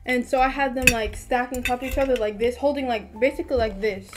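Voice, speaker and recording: High-voiced young woman telling a story. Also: quick pace, soft background music. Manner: animated storytelling, lots of "like". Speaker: podcast co-host. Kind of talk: casual storytelling chat.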